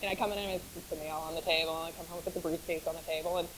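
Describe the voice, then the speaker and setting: A woman's voice: sits low, steady tone, very fast, slight background noise, low-quality recording. Chatty woman telling her faith story. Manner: chatty storyteller, laughs often, repeats for emphasis. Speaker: speaker sharing her testimony. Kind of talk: personal faith testimony.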